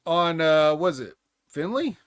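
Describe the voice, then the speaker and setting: A man's voice: fairly high pitch, big pitch swings, takes it slowly, fairly bright tone, dry recording, studio quality. A man co-hosting a casual wrestling podcast, blunt and opinionated, swearing freely as he recaps matches. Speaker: podcast co-host.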